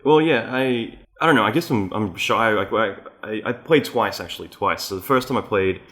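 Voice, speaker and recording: Rambling Australian man hosting, low voice. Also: normal speed. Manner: rambling, animated storyteller who swears casually. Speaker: podcast host. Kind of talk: casual interview chat.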